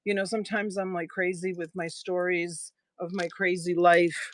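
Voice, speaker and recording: A woman's voice: fairly low pitch, level tone, moderate pace. A woman selling jewelry on a live stream in a chatty, affectionate way, thanking viewers by name. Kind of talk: casual live-selling chat.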